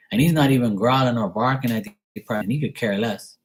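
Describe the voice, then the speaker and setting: A man's voice: mid-range voice, fairly quick, slightly rough. A man, a tarot reader, chatting casually and candidly with his live-stream viewers in a rambling, laid-back way.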